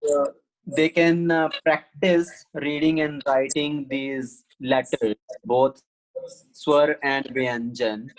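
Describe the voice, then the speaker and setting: A man's voice: mid-range voice, fairly even intonation, slow pace, poor audio. A man teaching a Sanskrit writing class over a video call, explaining patiently to students.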